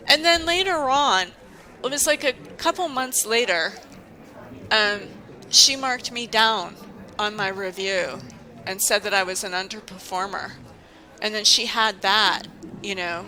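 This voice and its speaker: A woman venting in a casual vlog, emphatic and indignant, full of restarts and asides. Her voice is bright and tense, with a medium pitch. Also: unhurried, rough recording. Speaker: university staff member.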